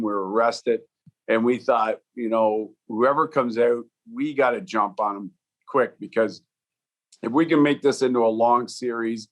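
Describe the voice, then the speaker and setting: A man in his fifties, a former hockey player and coach, telling stories in an interview with a relaxed, rambling delivery and many fillers. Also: mid-range voice. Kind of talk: storytelling in a podcast interview.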